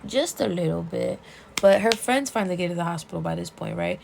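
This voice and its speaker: A young woman vlogger casually recapping a comic plot, animated, swearing and laughing as she goes. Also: fairly low pitch, fairly quick, gravelly, background noise. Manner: animated, profane, laughing storyteller.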